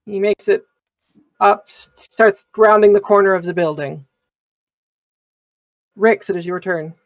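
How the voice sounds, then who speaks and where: Halting game master narrating, dry sound. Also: male voice, sits high, dry recording. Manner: halting, full of fillers and restarts as he narrates.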